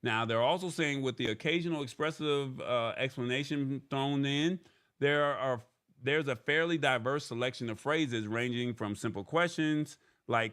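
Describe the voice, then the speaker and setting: A man's voice: mid-range voice, normal speed, a bit bright, smooth. A man hosting a live tech show, reading from an article and paraphrasing it in casual chat, tagging his points with "all right?". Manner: chatty, repeats "all right?" often.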